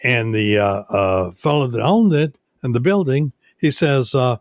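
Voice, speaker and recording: An older man, a radio station owner, telling stories unhurriedly in a casual interview, with many pauses. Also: medium pitch, lively intonation, no room sound, studio quality. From United States.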